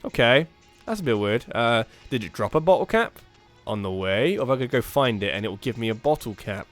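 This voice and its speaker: A man's voice: mid-range voice, expressive, fairly quick. A young man giving jokey, self-mocking commentary as he plays through a game, swearing casually. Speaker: gaming YouTuber. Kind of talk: let's play commentary, reading game dialogue in put-on voices. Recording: faint game music behind.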